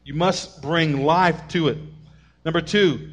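Energetic male preacher, slightly high voice. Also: slow pace. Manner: energetic preaching, acts out family members in raised voices. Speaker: pastor. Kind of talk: sermon.

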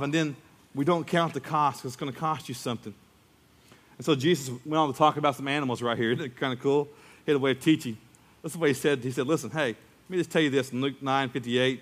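Animated male preacher, higher voice. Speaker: pastor. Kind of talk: sermon.

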